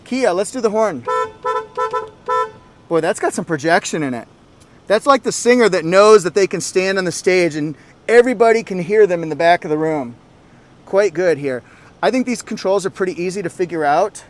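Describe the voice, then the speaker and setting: High-voiced, chatty male car reviewer. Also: lively intonation, moderate pace. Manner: upbeat, chatty, with joking asides. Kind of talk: casual car review walkthrough. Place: inside a car.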